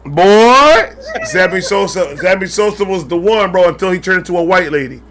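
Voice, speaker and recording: A man's voice: sits high, lively intonation, moderate pace, crowd noise. A man co-hosting a podcast, chatting casually about sports in a joking, profane, slangy way. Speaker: podcast co-host. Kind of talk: casual chat.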